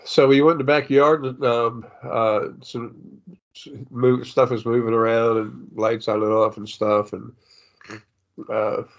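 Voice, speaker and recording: A man's voice: medium pitch, flat delivery, unhurried, highs cut off. An older man who sniffles, talking through a rambling spiritual monologue as a psychic medium, full of fillers and restarts. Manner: meandering, many fillers and restarts.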